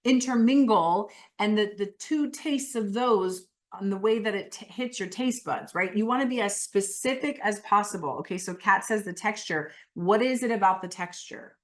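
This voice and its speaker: A woman coaching a live online group, guiding people through their cravings with slow, emphatic, repeated phrases. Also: medium pitch. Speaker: weight-loss coach.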